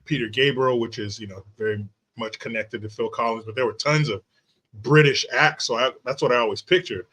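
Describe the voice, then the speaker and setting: A man's voice: mid-range voice, fairly quick, bright, forceful tone, breathy edge. A man hosting a casual interview, chatty and meandering as he sets up long questions. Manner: chatty, meandering, many fillers. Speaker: podcast host.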